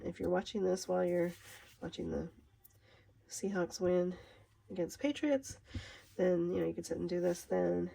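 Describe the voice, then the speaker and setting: Gravelly, chatty Minnesotan woman. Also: fairly low pitch, moderate pace, mellow, rough recording. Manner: chatty and rambling, laughs at herself. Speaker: craft demonstrator. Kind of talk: casual craft tutorial.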